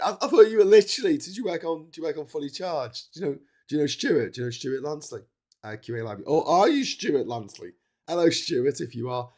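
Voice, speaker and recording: Chatty man hosting a livestream. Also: on the high side. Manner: excitable and chatty, quick to laugh, many restarts. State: tired from a long stream. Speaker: livestream host. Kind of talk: casual livestream chat, reading out viewer messages.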